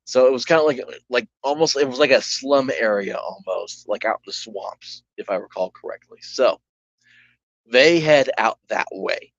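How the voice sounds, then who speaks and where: A man's voice: mid-range voice, moderate pace, dry recording. Guy running a solo tabletop game, rambly, dry dull lo-fi mic. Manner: rambling, full of "like" and restarts. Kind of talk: casual tabletop game narration. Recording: dull lo-fi recording.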